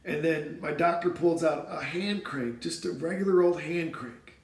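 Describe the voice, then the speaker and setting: Brief: 40s man, higher gravelly voice, earnest emotional personal story, roomy echo. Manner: earnest, emotional, halting with repeated words. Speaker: vlogger telling his own story.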